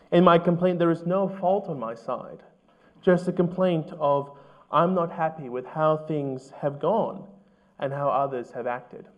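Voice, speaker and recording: A man preaching a sermon as pastor, earnest and measured, asking his listeners questions. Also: mid-range voice, muffled recording.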